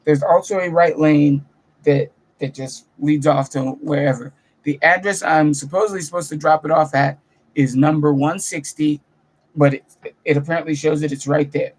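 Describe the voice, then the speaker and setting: A young man chatting casually at home in his bedroom, telling profane, self-mocking stories with animated delivery. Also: on the high side, moderate pace. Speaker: comedian vlogger. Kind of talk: casual storytelling vlog.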